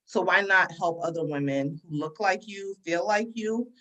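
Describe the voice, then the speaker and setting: A woman's voice: lowish voice, moderate pace, a bit bright, low-quality recording. A woman from Sierra Leone with an American accent, answering interview questions in an earnest, conversational way. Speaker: guest entrepreneur.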